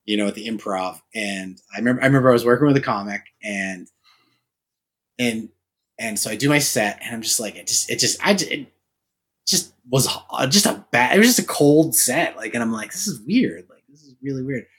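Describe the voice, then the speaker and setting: A man with a Boston accent, trading animated stories and laughs in a casual podcast chat. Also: mid-range voice, a little fast, slightly rough. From Massachusetts. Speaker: actor and podcast talker.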